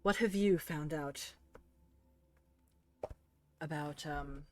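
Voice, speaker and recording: A woman's voice: deep voice, very slow, a little mellow, a little hiss or hum. A woman voicing a worried older male official in a formal, grave way.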